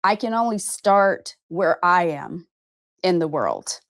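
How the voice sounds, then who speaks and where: A woman's voice: lowish voice, big pitch swings, slow, fairly bright tone, no echo, studio quality. Frank, emphatic woman in her fifties. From Arizona, USA. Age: 50s. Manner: frank and emphatic, with casual swearing and repeated "okay?". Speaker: vlogger and podcast host. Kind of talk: candid personal monologue to camera.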